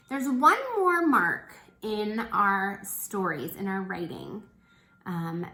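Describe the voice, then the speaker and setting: A woman's voice: mid-range voice, a bit bright. Woman teacher in an echoey room. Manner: encouraging, checks in with frequent "okay?". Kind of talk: classroom lesson for children.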